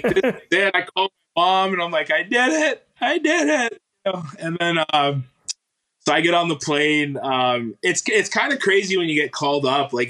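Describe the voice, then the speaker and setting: A former hockey player in his thirties from Canada recounts his past in a relaxed interview. His voice is bright and forward. He talks haltingly, full of fillers and restarts, and breaks into laughter often. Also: on the high side, a little hiss or hum, poor audio. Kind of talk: casual interview storytelling.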